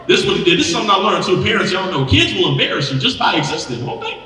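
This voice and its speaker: A man's voice: high-pitched, racing, recorded from a distance. A man in his thirties from Milwaukee performing a stand-up comedy set on stage, telling stories and acting out the voices of the people in them. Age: 30s. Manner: animated storytelling with acted-out voices. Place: stage in a large hall. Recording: echoey hall, mic heard from afar.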